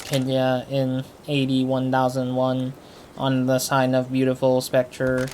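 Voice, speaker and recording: A man voicing a solemn guiding presence in a game, reading a file in a slow, monotone put-on accent. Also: mid-range voice, a little hiss or hum, close to an everyday voice.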